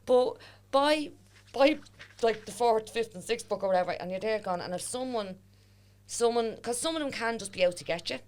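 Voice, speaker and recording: A woman's voice: fairly high pitch, animated, normal speed. A woman with a Dublin accent, a historian and author, chatting as a podcast guest and retelling stories with quoted voices. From Ireland. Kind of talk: casual podcast conversation.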